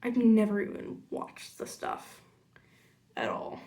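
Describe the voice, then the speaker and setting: Young woman, makeup tutorial vlogger, slow rambling chat, mellow tone. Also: medium pitch, wildly swooping pitch, creaky. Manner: rambling, chatty, drifts into asides and quiet mutters.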